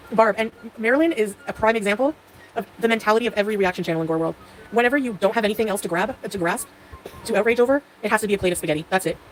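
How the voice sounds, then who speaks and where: A woman talks quickly and sarcastically as she hosts a live stream, answering chat commenters by name. She laughs often and speaks at a middling pitch. A faint hiss of background noise sits under her voice. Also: expressive, poor audio. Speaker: livestream host reading chat.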